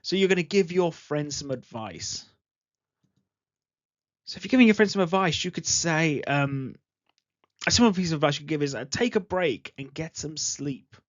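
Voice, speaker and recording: An English teacher teaching grammar online speaks at medium pitch and normal speed, leaving long pauses. The recording is dry, dull and lo-fi, and the delivery is patient, with example sentences said more than once.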